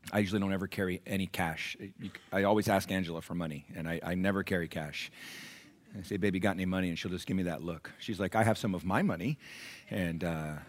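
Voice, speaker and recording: The speaker is a middle-aged pastor whose sermon moves back and forth between quiet stories and loud, high-pitched urging.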